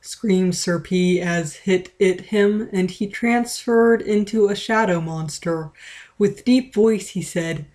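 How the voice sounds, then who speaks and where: A woman's voice: medium pitch, slow, darkish tone. A woman reading a fan story aloud in a playful, dramatic way, with small stumbles. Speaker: reader. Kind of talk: read-aloud of fan fiction.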